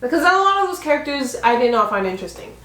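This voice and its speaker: A woman's voice: high voice, big pitch swings, fast, sharp tone, reverberant, rough recording. A woman co-hosting a casual couple's film review, chatting loosely and summing up the plot with many fillers. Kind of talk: casual movie review chat.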